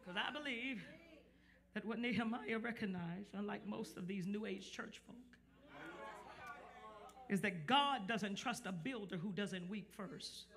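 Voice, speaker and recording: A male pastor preaching a sermon to a live church congregation, building up to shouts and teasing the crowd into responding. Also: high-pitched, unhurried, vocal fry, long pauses.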